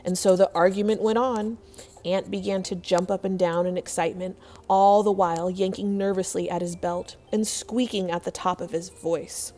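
Woman telling a folktale in a reverberant hall. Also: medium pitch. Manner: measured, expressive storytelling. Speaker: storyteller. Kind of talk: reading a folktale aloud.

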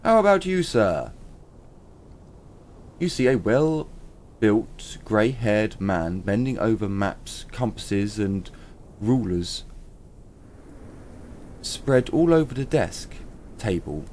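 Male gaming YouTuber, low voice, reads slowly with self-corrections. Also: animated, darkish tone, a little hiss or hum. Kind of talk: let's-play commentary, reading game text aloud.

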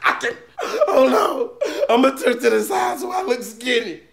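A man shouts with joy and laughs through tears as he shows off his rugby jersey. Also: extremely high pitch, animated, unhurried, creaky, a little hiss or hum. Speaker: rugby fan in a played clip. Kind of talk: excited reaction, shouting.

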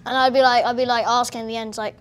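A cast member chatting casually at a festival junket, laughing often and telling stories with energy. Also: female voice, on the high side, quick pace, slight background noise. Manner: giggly, animated storytelling. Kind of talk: casual press junket chat.

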